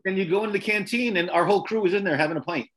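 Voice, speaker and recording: A man with a somewhat high voice chats on a podcast. He recalls memories in a loose, rambling way, full of ums and restarts. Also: rapid-fire, a bit bright. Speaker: producer recalling production. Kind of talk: casual podcast conversation.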